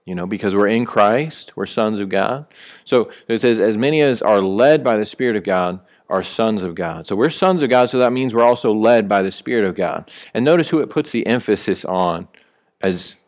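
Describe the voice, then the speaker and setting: A man with a fairly low voice delivers a sermon in a relaxed, conversational way. He talks like he is chatting with his congregation, full of ums, uhs and restarted phrases. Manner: conversational preaching with many fillers and restarts; rises sharply when acting out calling someone back. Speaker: pastor.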